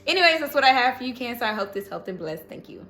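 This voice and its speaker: A woman with a slightly high voice gives a casual tarot reading. She talks in a chatty, encouraging way and laughs often. The room around her is echoey. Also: very animated, quick pace, pushed and bright. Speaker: tarot reader.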